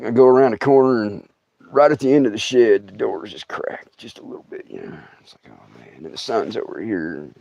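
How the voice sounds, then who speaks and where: A man's voice: fairly low pitch, fairly quick, vocal fry, no room sound. A middle-aged man spins a yarn in a loose, drawling voice, sinking to near-whispers for the tense bits and mimicking the noises he heard. The sound is dull and lo-fi, close and dry with no room around it. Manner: drawling, hushed, acts out sounds. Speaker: storyteller. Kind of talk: casual spoken storytelling.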